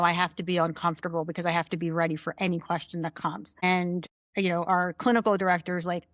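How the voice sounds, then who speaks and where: A young adult woman guest, a finance executive, chatting candidly in a studio interview, telling stories with lively asides. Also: lowish voice, dry recording. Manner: candid, animated storyteller. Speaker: guest, chief financial officer. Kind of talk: casual interview chat.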